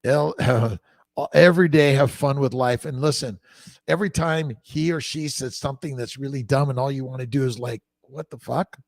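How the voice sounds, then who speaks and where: A man with a gravelly, mid-pitched voice talks loosely and profanely as a fertility doctor on a livestream. He reads out viewer comments and answers them on the fly, hopping between topics. The sound is dry and close. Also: normal speed, dry recording. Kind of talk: casual livestream Q&A.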